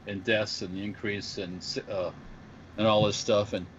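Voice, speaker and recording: A man's voice: on the low side, level tone, normal speed, a bit bright, muffled recording, a little hiss or hum. A man co-hosting a casual podcast, talking in a rambling, joking way. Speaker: podcast co-host. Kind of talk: casual chat.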